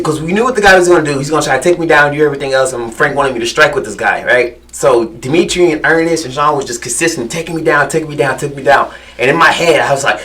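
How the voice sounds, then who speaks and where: A man's voice: fast, few pauses, far from the mic. A man telling stories on a podcast in a casual way, acting out what others said. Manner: animated storyteller, acts out quotes in higher voice. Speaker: guest fighter.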